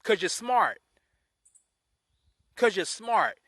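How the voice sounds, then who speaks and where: A man's voice: sits high, very animated, drawn-out words, sharp tone, dry recording, studio quality. A man ranting his opinions in a vlog, indignant and repeating himself as he restarts phrases. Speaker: vlogger. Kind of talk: opinion rant to camera.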